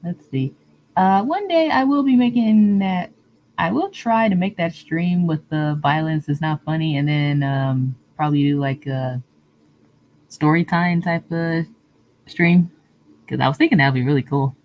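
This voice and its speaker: A woman's voice: low-pitched, measured pace, dull audio, a little hiss or hum. A woman streamer chatting casually with her viewers, answering comments and laughing often. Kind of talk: casual live-stream chat.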